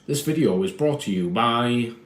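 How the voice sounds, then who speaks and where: A man's voice: mid-range voice, expressive, moderate pace. A man hosting a casual live stream into his phone at home, rambling and hesitant, often repeating words as he reads the chat. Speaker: livestream host reading chat.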